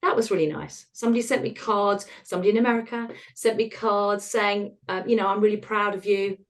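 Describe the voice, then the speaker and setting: A woman, a podcast guest talking frankly about hard times, laughing at the dark parts. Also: mid-range voice, steady tone, fairly quick. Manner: frank and self-deprecating, laughs at dark moments. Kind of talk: candid conversational storytelling.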